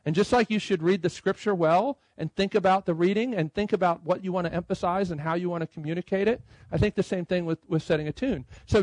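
A middle-aged man with a high voice gives a conference talk in a conference room about writing hymn tunes. He speaks conversationally and slowly reads lines out loud; the audio is poor but has no echo.

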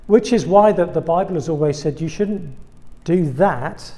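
An English man preaching to a room of students, slipping self-deprecating jokes between his points. His voice sits a bit high for a man but sounds mellow and warm rather than bright. He keeps a wry, conversational sermon tone throughout. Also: moderate pace. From England. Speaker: guest preacher.

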